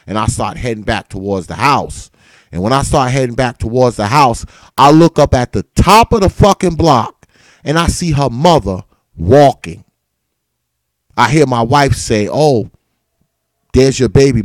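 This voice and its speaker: Hosting a live talk stream, a man with a medium-pitched voice tells a story casually and profanely, swearing freely and growing animated as his outrage rises. There's no echo on the recording.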